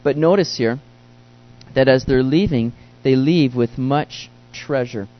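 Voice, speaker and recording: A man's voice: mid-range voice, takes it slowly. A man preaching a sermon as a pastor, earnest and emphatic, often putting rhetorical questions to his listeners. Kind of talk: sermon teaching through a Bible book. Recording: dull lo-fi recording.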